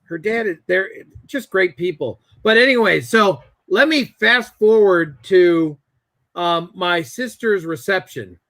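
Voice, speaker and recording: A man's voice: high voice, measured pace, pushed and bright, no echo. Rambling man telling a family story. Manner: rambling anecdotal storytelling with many restarts. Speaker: guest. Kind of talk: casual chat.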